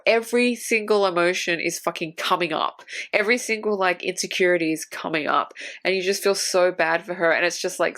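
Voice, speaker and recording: Lowish-voiced woman reviewing a film. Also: normal speed. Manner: animated, swears often, acts out characters' lines. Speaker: podcast co-host. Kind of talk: casual film review chat.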